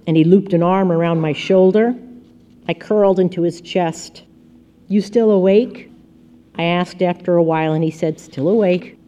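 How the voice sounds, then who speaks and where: Female audiobook narrator, lowish and mellow, quiet intimate storytelling. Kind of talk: scripted first-person narration.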